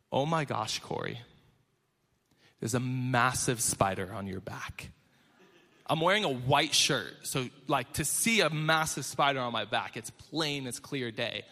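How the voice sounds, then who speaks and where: Animated pastor preaching in a big hall. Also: male voice, medium pitch. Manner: animated storytelling, self-deprecating humor. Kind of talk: sermon. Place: church stage before a congregation.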